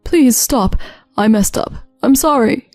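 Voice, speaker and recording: A woman's voice: medium pitch, expressive, moderate pace, no echo, natural voice. A woman voicing a lying, cheating husband who makes flustered excuses and pleads, read as a storytelling voice-over. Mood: pleading. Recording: dry studio sound with soft music.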